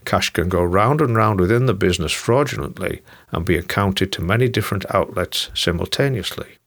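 A man's voice: low voice, brisk, gravelly. A man reading his own scripted political commentary in a sardonic, mocking manner.

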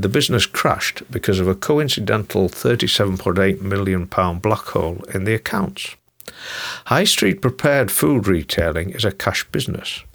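This is a low-voiced man with a husky, gravelly edge. His delivery swings widely in pitch as he reads scripted commentary full of sardonic mockery. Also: a bit bright. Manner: sardonic, mocking. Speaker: political commentator.

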